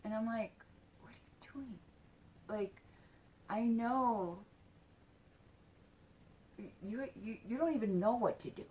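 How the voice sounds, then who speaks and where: A woman's voice: on the high side, slow, pauses often, warm tone, slight background noise. A woman in her forties telling a personal story in a casual, rambling way, with lots of fillers and swearing. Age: 40s.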